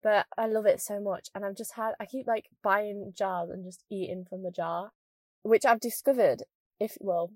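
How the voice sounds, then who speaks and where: A young woman from northern England with a mild northern accent, hosting a podcast as a casual chatty monologue and rambling quickly with lots of "like". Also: medium pitch, steady tone, darkish tone, dry recording, studio quality. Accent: mild northern English. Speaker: podcast host.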